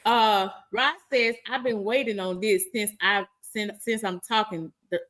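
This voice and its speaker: A woman's voice: medium pitch, unhurried. A woman co-hosting a live-streamed talk show, laughing often and reading viewer comments aloud. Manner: lively, laughs often, reads chat aloud with warm greetings.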